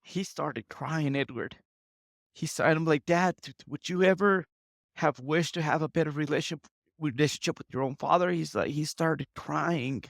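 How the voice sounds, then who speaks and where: A man in his thirties, a podcast guest, speaking tearfully in an earnest, halting way and often repeating himself. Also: a little high, gravelly, no echo, studio quality. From United States and Mexico. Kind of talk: emotional interview talk.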